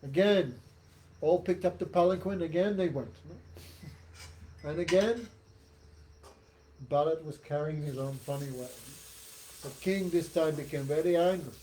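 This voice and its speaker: A male spiritual teacher tells a story to his class in a lively, animated way. His voice sits fairly high for a man, and he chuckles now and then, tags his points with a questioning "No?", and lets faint room ambience show. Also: measured pace, pauses often, slight background noise. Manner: animated, chuckles, asks rhetorical "No?". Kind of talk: storytelling lesson.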